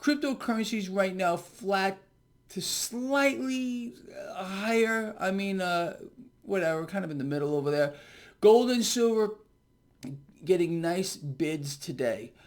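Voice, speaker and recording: A man's voice: high voice, animated, unhurried. A man hosting his own market commentary vlog, talking in an emphatic, indignant way and repeating his points.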